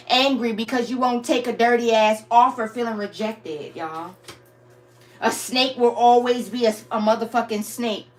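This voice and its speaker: Tarot reader, woman, fairly high voice, casual and blunt with plenty of swearing, faint music under her. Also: fairly bright tone. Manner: casual and blunt, swears freely, calls listeners "y'all" and "my babies". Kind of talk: channeled tarot reading to viewers.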